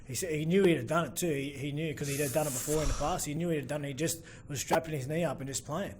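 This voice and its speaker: Halting Australian guest, higher voice. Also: male voice, slight background noise. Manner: halting, repeats himself. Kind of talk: casual chat.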